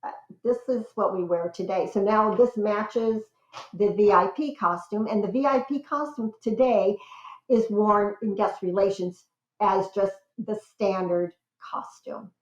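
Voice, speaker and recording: A woman's voice: mid-range voice, a little slow. An older woman, a guest relations expert, chatting enthusiastically in an interview about her research. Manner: enthusiastic, squeals with excitement when telling stories. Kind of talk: conversational interview. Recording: roomy, slightly dull sound.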